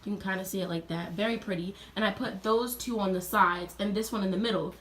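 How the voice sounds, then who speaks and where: A woman's voice: mid-range voice, fairly even intonation, fast talker, a bit bright. A young woman in college giving an upbeat, chatty tour of her dorm room and speaking straight to her viewers. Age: young adult. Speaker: college student vlogger. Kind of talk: casual dorm tour vlog.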